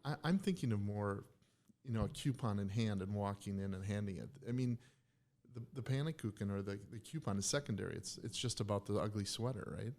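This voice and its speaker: A man's voice: fairly low pitch, fairly quick, a little mellow. A middle-aged man, a business owner guest in a casual chat, skeptical and stammering with repeats.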